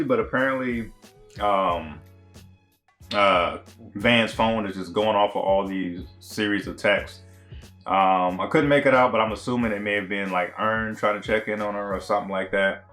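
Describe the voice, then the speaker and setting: Casting note: a man with a lowish voice doing a loose, slangy TV review, faint music underneath. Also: fairly bright tone. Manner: rambling and conversational, with many fillers and slang. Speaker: TV show reviewer. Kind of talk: casual recap commentary.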